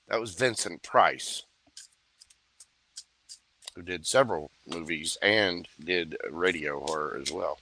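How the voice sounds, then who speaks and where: Man, tarot reader, playful, chatty, low voice, bright tone, unhurried. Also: animated. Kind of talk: livestream tarot reading.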